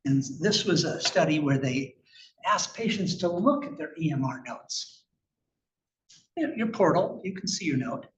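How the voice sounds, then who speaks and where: A man's voice: a little high, big pitch swings, measured pace. A man giving a conversational, emphatic conference presentation about clinical research with slides, asking rhetorical questions as he goes. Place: conference room. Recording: echoey, distant, muffled room recording with faint noise.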